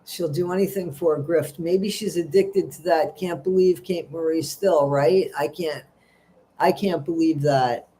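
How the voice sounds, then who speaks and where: A man's voice: a little high, steady tone, unhurried, mellow, slight background noise. A middle-aged man hosts a casual livestream, reading out viewer comments and gossiping in a rambling, chatty way. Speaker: livestream host.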